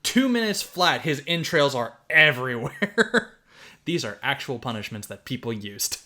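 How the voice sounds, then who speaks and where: A man's voice: medium pitch, big pitch swings, unhurried, pushed and bright. Guy hosting a movie podcast, rambly and laughing, swears constantly, bouncy intonation. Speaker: podcast host. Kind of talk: casual movie recap chat.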